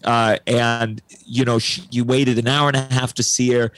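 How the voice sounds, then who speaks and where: A man's voice: mid-range voice, little pitch movement, normal speed, fairly bright tone, dry recording. A young adult male actor chatting casually, candid, wry and profane. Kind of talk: casual chat.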